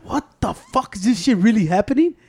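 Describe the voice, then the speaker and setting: Boastful, joking, high-voiced man. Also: animated, fairly quick, husky. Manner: boastful, joking, heavy swearing, loud outbursts. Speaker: podcast co-host. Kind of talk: casual profane chat. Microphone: podcast microphone.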